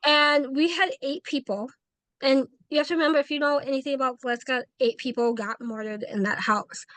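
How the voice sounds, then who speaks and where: Lively woman telling a ghost story. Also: high voice, fairly quick, no echo. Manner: animated, acts out quoted dialogue, frequent "like". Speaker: paranormal investigator, guest. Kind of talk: casual interview storytelling.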